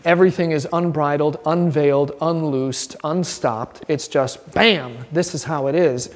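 A man's voice: fairly high pitch, measured pace. Earnest man teaching in an echoing hall. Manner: earnest, animated, with vivid quotes and restarts. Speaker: pastor teaching a class. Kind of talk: informal Bible class teaching.

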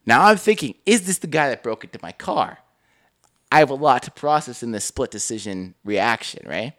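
A man's voice: medium pitch, lively intonation, moderate pace, fairly bright tone. A man co-hosting a podcast in casual chat, telling stories animatedly, laughing and swearing often. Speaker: podcast co-host.

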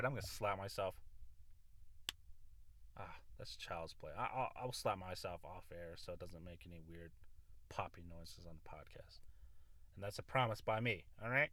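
Young male podcaster, bright dry voice, rambling and swearing, close mic. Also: sits low, expressive, moderate pace, no echo. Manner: rambling, self-mocking, swears often. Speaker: podcast host.

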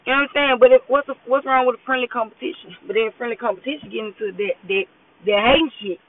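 A woman's voice: fairly high pitch, fast. A woman talking casually while driving to work, giving a blunt, profane motivational talk and often asking "you know what I'm saying". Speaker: podcast host. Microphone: phone. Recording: tinny phone-quality voice message.

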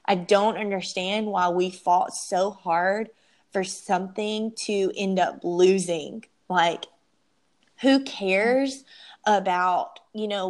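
Speaking at a medium pitch, this young interview guest recounts something personal. Her delivery is emotional and hesitant, and she keeps restarting what she's saying.

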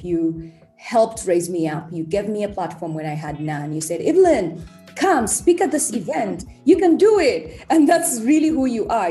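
A young woman talks in a heartfelt, earnest way as a podcast guest. Her voice sits low for a woman and sounds warm and mellow. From Uganda. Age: young adult. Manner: earnest, heartfelt, openly emotional. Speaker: tech entrepreneur guest. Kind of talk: podcast interview.

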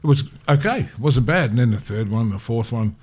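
Relaxed Australian man telling stories. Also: mid-range voice, fairly quick, breathy edge. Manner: relaxed storytelling with laughs. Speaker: guest, gym owner. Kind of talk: casual podcast chat.

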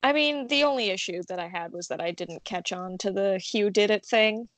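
A woman's voice: medium pitch, normal speed, a bit bright, dry recording. Self-deprecating young woman, casual chat. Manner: self-deprecating, laughs often. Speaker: podcast guest.

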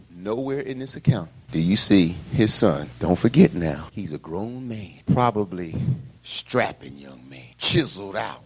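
A middle-aged man pastor preaching a sermon in a lively, folksy storytelling style. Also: on the low side, husky.

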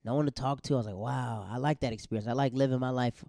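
A man hosting a solo podcast, talking in a rambling, self-correcting way with sudden bursts of excitement. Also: medium pitch, fast, dry recording, clean studio sound. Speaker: podcast host.

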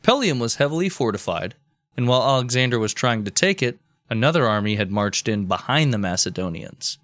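A man co-hosting a podcast, narrating history with deadpan delivery and crude asides. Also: medium pitch, brisk, no echo, clean studio sound. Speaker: podcast co-host.

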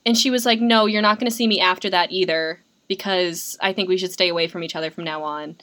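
A woman's voice: on the low side, fairly even intonation, fast, bright, forceful tone. A young woman co-hosting a casual film recap, chatty and sarcastic with lots of filler words. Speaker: podcast co-host.

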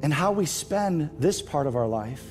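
A male pastor preaching a sermon to his church, impassioned and rising loud at emotional peaks. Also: a little high, expressive, moderate pace, soft background music. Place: church stage.

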